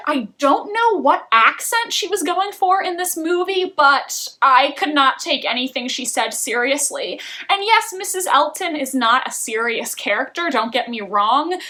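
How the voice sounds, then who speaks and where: A young woman with a high, bright voice talks through her opinions in a chatty monologue. She's animated and opinionated, hosting her own book channel. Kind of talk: casual review monologue.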